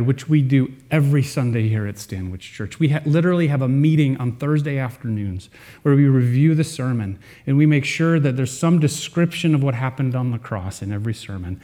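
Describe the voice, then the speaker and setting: Male pastor preaching, earnest, warm low-bright timbre, rises and drops for emphasis. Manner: earnest preaching with dramatic pauses and shifts in volume. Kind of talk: sermon.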